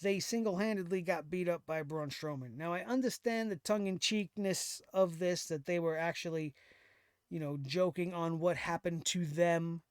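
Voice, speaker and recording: A man with a fairly high, smooth, resonant voice rants through a casual show recap, sarcastic and exasperated, chuckling now and then. The sound is dry and close, with no room around it. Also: normal speed, no room sound. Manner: sarcastic, exasperated ranting with laughs. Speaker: wrestling show host.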